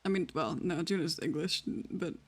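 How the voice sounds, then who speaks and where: A player with an unmistakable Welsh accent chats casually out of character between tabletop scenes. The talk is loose and self-deprecating, with plenty of laughter and casual swearing. The voice sits at an ordinary middle pitch. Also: normal speed. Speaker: tabletop role-play player.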